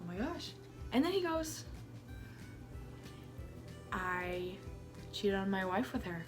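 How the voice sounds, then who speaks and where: A woman's voice: medium pitch, sing-song, takes it slowly, over music. Girl doing a self-absorbed salem gossip vlogging, rambly, like like like, oh my gosh every other line. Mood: gossipy. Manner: chatty, full of "like" and "oh my gosh". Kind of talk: amateur vlog-style role-play.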